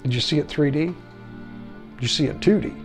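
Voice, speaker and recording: A man's voice: fairly high pitch, normal speed, over music. A middle-aged man giving a casual home movie review, enthusiastic and repetitive, leaning hard on key words, in his home theater room.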